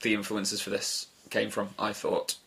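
A man co-hosting a casual podcast, joking quickly and often restarting his sentences. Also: lowish voice, completely flat delivery, vocal fry, fairly bright tone. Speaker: podcast co-host. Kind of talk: casual chat.

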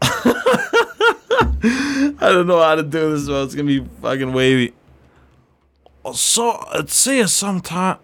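A man's voice: on the high side, animated, unhurried, pauses often, fairly bright tone, smooth. A young man chatting casually during a party impression game, swearing freely and laughing often. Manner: profane, laughing, bro-speak.

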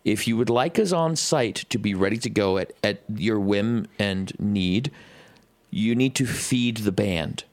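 A man's voice: lowish voice, a little slow, no room sound. A man co-hosting a music podcast in casual chat, telling long rambling stories full of fillers and the odd swear word. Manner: rambling storyteller, heavy fillers, swears freely.

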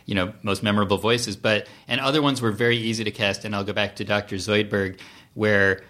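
A man guesting on a podcast interview, telling behind-the-scenes stories in an animated way, with laughing asides and frequent restarts. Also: lowish voice, fairly quick. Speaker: TV writer-producer guest. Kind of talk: casual interview storytelling.

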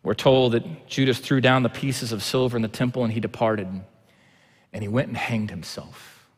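A male pastor delivers a sermon in a church sanctuary, and his voice rings out in a long hall reverb. He moves between hushed, low passages and loud, fervent preaching. His pitch sits in an ordinary middle range for a man. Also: steady tone, moderate pace.

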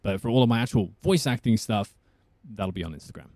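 A man voice actor chatting casually as a podcast guest, lively and quick to laugh. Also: lowish voice, no echo. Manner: chatty, laughing, restarts often.

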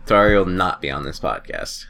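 Bright-voiced joking male podcast co-host. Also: sits low, brisk. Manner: joking, rambling, laughs often. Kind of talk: casual chat.

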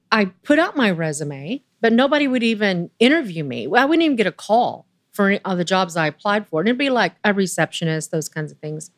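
A woman in her sixties with a Southern US accent, telling her life story as an interview guest in a chatty, animated way. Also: no room sound, clean studio sound. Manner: chatty, animated, voice rising high when excited. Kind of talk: personal storytelling.

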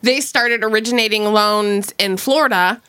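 A woman's voice: mid-range voice, moderate pace, pushed and bright. A woman joining a podcast as a guest, chatty and easily grossed out. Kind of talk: casual podcast chat.

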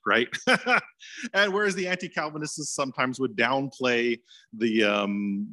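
A man's voice: lowish voice, bright, forceful tone. A man giving an informal lecture on church history, talking conversationally and chuckling now and then.

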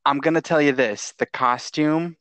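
A man's voice: a little high, fairly even intonation, normal speed, a bit bright, no room sound. A man chatting casually as a podcast co-host about a movie, laughing often and coughing when he laughs. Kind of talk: casual watch-along movie chat.

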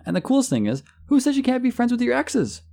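Gravelly, animated male music host. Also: extremely high pitch, quick pace. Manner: rambling, playful, self-deprecating. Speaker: music show host and playlist curator. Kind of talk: casual music commentary.

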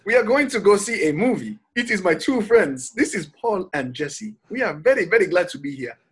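A cheerful, courteous man with a West African accent, speaking in slow, stiff, formal English, put on by a comedian. His voice swings brightly up and down, with a husky edge. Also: high-pitched, very animated, voice pushed up, heavily acted.

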